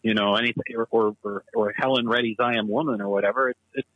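A man's voice: medium pitch, steady tone, quick pace, lo-fi sound. A man co-hosting a casual talk show, speaking in an analytical, discursive way. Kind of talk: casual chat.

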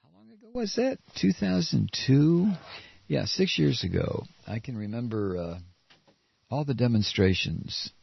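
A man giving sarcastic political commentary while reading a news article, with mocking asides. He swings from shrill mock surprise to low muttering. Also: sing-song, measured pace, vocal fry, husky. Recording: dry, dull lo-fi audio.

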